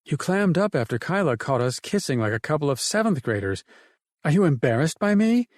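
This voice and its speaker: A man's voice: fairly high pitch, big pitch swings, fairly quick, no room sound, clean studio sound, pitched above the performer's own voice. A man voicing a bold, playful woman who teases her companion in an audiobook. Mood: teasing. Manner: playful and teasing. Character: adult woman, teasing, bold, caring. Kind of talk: audiobook narration.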